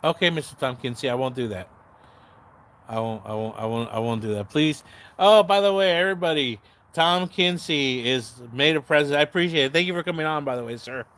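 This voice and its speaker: A man's voice: mid-range voice, brisk, a bit bright. A man hosting a casual livestream, chatting to viewers in the comments, sarcastic and rambling, swearing freely and often losing his train of thought. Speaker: livestream host.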